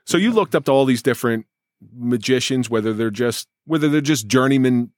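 A man hosting a podcast, asking relaxed questions in a casual interview. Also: mid-range voice, a little fast, dry recording, studio quality. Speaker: podcast host.

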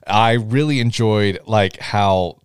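Low-voiced man trailing off softly. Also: slow pace, clear, resonant tone, dry recording, studio quality. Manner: enthusiastic, trails off quietly at ends of thoughts. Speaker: podcast co-host. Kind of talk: casual movie discussion.

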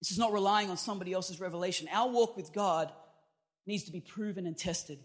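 A man preaching an energetic sermon as pastor, emphatic and punchy, calling out to his congregation. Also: sits high, fairly quick.

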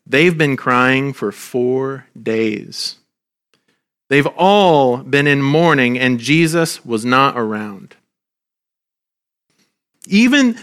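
A man preaching a sermon as a pastor, earnest and gentle, his voice dropping soft at the ends of lines. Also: fairly high pitch. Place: church.

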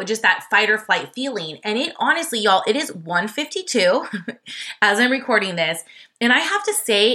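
Young woman, solo podcast host; bright tone, chatty and expressive, talks straight to listeners. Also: medium pitch. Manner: chatty and expressive, filler-heavy, addresses listeners as y'all. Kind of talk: casual solo podcast storytelling.

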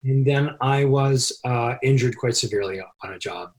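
A middle-aged man telling a crew anecdote in a casual interview, animated and quick to laugh. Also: mid-range voice. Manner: animated storyteller, laughs often while telling. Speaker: film crew member telling a story.

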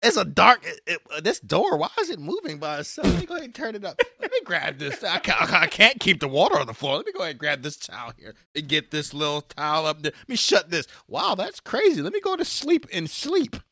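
Balding middle-aged pajama man, oblivious and hesitant, muttering to himself, put on by a man in a bright voice. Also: high voice, wildly swooping pitch, quick pace, creaky, hardly any pauses, dry recording, studio quality, heavily acted.

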